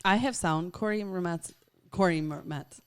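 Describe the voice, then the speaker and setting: A woman's voice: lowish voice, normal speed, clear, resonant tone, no room sound, clean studio sound. A woman co-hosting a casual live podcast, playful and teasing, laughing often. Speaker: podcast co-host.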